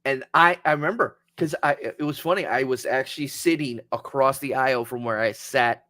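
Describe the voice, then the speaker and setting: A man co-hosting a wrestling podcast in casual chat, excitable and often stammering through restarts. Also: medium pitch, brisk, dry recording. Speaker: podcast co-host.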